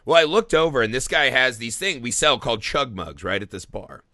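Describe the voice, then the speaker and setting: A man's voice: mid-range voice, a little fast, dry recording, studio quality. A man in a casual film discussion, telling stories with plenty of swearing. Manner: animated storyteller, swears freely. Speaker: podcast co-host.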